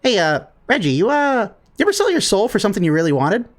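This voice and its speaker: A small mechanical bear with a high, eager voice, put on by a man, who talks fast and pushes shady deals like a salesman. He is chatty and relentless, always angling for a bargain. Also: big pitch swings, soft background music. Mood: pushy. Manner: pushy, fast salesman patter. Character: small chatty mechanical bear, a pushy deal-making go-getter.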